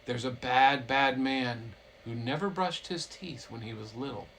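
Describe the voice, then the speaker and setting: A man's voice: mid-range voice, measured pace, a bit bright, a little hiss or hum, voice pushed down, natural voice, rough recording. A man voicing a naive, eager young hero pilot in a plain, earnest way. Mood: pleading.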